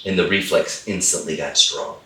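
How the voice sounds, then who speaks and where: A man's voice: low-pitched, fairly even intonation, moderate pace, bright, forceful tone, reverberant, far from the mic. A middle-aged man, a holistic chiropractor and guest, telling a story with enthusiasm and repeating phrases for emphasis. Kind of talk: animated storytelling in a conversation.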